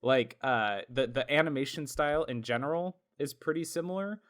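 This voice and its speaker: A man co-hosting a podcast in casual chat, talkative and quick to laugh, with plenty of fillers. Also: mid-range voice, a bit bright. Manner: chatty, laughs often, lots of fillers. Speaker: podcast co-host.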